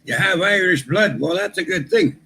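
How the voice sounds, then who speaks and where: A man's voice: sits high, moderate pace, gravelly, sharp tone, a little hiss or hum, rough recording. A man co-hosting a casual livestream chat, joking and telling wry stories. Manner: joking, tells wry anecdotes. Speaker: co-host.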